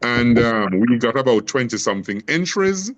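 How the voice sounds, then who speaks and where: A man's voice: medium pitch, sing-song, moderate pace, muffled recording. Jamaican guy w a bit of canadian accent, fired up poet talking in an interview, keeps tripping on "the, the". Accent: Jamaican mixed with Canadian. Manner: passionate, stumbles into repeated words. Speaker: poet and educator, guest. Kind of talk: interview conversation.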